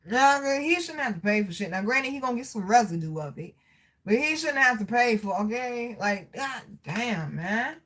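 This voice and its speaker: A woman chatting live with her viewers. Her voice is bright and sharp and sits a little high. She swears freely, laughs often and talks with lots of energy. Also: normal speed. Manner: animated, profane, frequent laughter, addresses viewers. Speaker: livestream host reading chat. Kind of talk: casual livestream chat.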